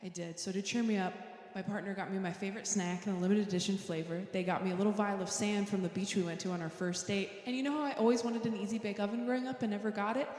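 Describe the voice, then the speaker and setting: A woman performing a stand-up comedy set, building to loud, mocking punchlines. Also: medium pitch, fairly even intonation, fast. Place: theater stage. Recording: live hall reverb, faint ambience.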